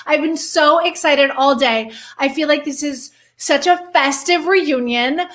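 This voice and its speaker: High-voiced woman in her thirties, an exuberant, out-of-breath live-stream host who jokes at her own expense. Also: a little slow, a bit bright. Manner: exuberant, greets viewers by name, self-mocking jokes. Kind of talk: bubbly live-stream chat.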